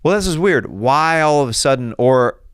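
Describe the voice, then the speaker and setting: Smooth-voiced rambling podcast man. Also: fairly high pitch, lively intonation, normal speed, dry recording, studio quality. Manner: rambling, jokey, slips into impressions. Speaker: podcast host. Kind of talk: casual podcast chat.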